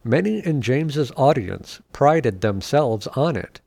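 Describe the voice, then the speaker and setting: A man reading scripture aloud and explaining it in a measured, scripted teaching style. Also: medium pitch, expressive, vocal fry, a little mellow, dry recording, studio quality. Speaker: Bible teacher. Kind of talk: scripted Bible study narration.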